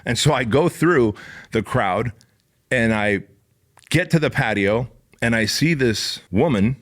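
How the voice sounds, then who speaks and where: A man's voice: mid-range voice, expressive, unhurried, fairly bright tone. A man hosting a podcast, telling a story in a casual, emphatic, profane way. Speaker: podcast host. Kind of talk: storytelling monologue.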